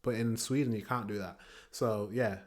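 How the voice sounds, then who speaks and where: A British man from England hosting a reaction video, chatting casually and ranting with animated outbursts. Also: lowish voice. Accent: British English. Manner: animated, ranting, pauses to comment.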